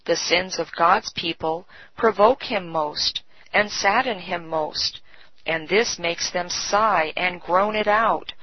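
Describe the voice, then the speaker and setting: A woman giving a solemn, measured scripted devotional reading. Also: lowish voice, husky, no room sound. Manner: slow, solemn, measured delivery. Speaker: devotional reader. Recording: dull, dry lo-fi recording.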